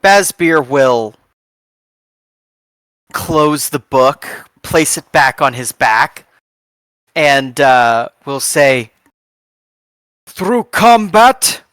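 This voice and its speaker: A player describing their character's actions in a tabletop game with lively, drawn-out delivery. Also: medium pitch, clean tone, dry recording.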